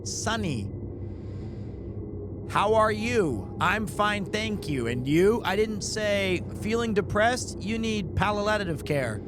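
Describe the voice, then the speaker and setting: Over music and noticeable background noise, a man with a high-pitched, expressive voice streams a game at a slow pace. He chats casually and jokes with his viewers, often breaking into laughter as he gives gameplay commentary.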